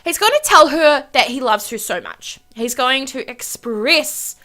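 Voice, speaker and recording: Young female gamer, bubbly and gushing, bright slightly high voice, casual commentary. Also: unhurried. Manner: gushing, excitable, chatty to viewers. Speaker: gaming YouTuber. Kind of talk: casual let's-play commentary.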